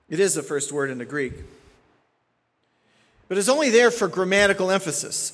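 A man's voice: fairly high pitch, normal speed, fairly bright tone, long reverb tail. A man preaching an expository sermon as pastor, emphatic, repeating key phrases and checking in with his listeners.

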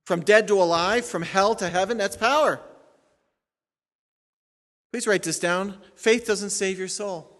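Male pastor, somewhat high voice, emphatic sermon delivery with loud peaks and hushed asides, long hall reverb. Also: a little slow, long pauses. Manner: emphatic preaching, swings from loud declarations to quiet asides.

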